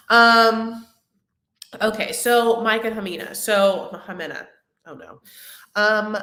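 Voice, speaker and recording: A woman's voice: medium pitch, fairly bright tone. Chatty woman rambling in an echoey room. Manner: rambling, chatty, many fillers and restarts. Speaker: host of a reality TV recap livestream. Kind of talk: casual chat.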